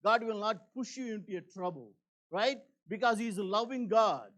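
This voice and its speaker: Male pastor, high-pitched, earnest and repetitive sermon delivery with frequent fillers, emphatic to hushed. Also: normal speed.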